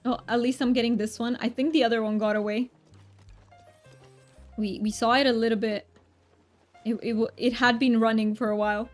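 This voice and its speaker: A woman's voice: a little high, little pitch movement, normal speed, pauses often, soft background music. A woman streamer chatting casually while she plays, giggling often and restarting her sentences. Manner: giggly, rambling, frequent restarts. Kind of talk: casual live-stream chat while gaming.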